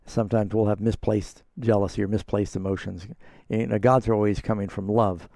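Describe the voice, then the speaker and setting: A man's voice: fairly low pitch, fairly even intonation, moderate pace, gravelly, dark tone, no echo, clean studio sound. A man hosting a call-in radio Bible program as pastor, explaining scripture in an earnest, conversational way.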